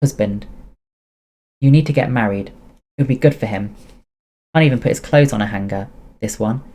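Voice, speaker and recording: A man's voice: medium pitch, moderate pace, close to an everyday voice. A man reading aloud, voicing a brash, oversharing French woman who runs a café, with a French accent. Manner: loud, teasing, dramatic.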